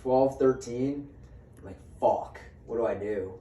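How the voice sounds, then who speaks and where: Casual swearing storyteller in a roomy space. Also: male voice, medium pitch, measured pace, mellow. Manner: swears freely and acts out quoted dialogue. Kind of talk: casual storytelling among friends. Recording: roomy sound from a distant mic, faint ambience.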